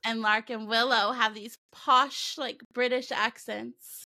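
Bright, slow-talking Southern-tinged woman. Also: a little high, fairly even intonation. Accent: light Southern American. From United States. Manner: laughs often, teasing and chatty. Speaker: podcast co-host. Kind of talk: casual podcast chat.

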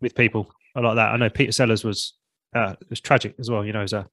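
Relaxed, swearing male guest, dry sound. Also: lowish voice, quick pace, no room sound. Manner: relaxed, swears freely, trails off and restarts. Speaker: podcast guest, former comedian and vocal coach. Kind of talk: casual chat.

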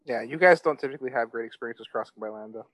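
A man's voice: mid-range voice, racing, fairly bright tone, no room sound. A man on a podcast throwing in sarcastic, teasing remarks. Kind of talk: casual chat.

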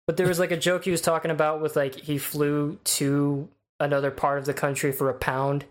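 A man's voice: on the high side, little pitch movement, a little fast. A man from the United States chatting casually on a podcast, telling stories with lots of fillers. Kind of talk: casual chat.

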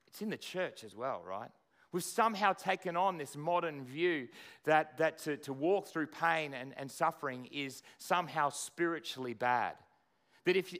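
A man delivers a sermon as pastor in a fairly high voice. He talks conversationally rather than formally. He often restarts phrases and repeats words as he goes. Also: fairly bright tone, smooth.

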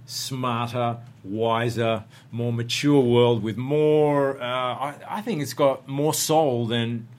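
A man sits in as a guest actor on a casual panel show, speaking in an animated, halting way. His pitch sits in the middle. He often restarts lines before he lands them.

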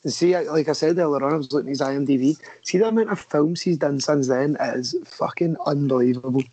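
A man's voice: fairly high pitch, fast, mellow. A man co-hosting a casual film chat, swearing casually and tagging his remarks with questions. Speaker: podcast co-host.

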